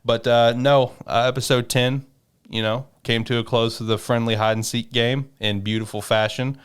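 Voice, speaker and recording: A man co-hosting an anime podcast who swears freely and retells scenes in an animated way. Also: medium pitch, normal speed, clear, resonant tone. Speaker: podcast co-host. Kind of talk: casual anime recap chat.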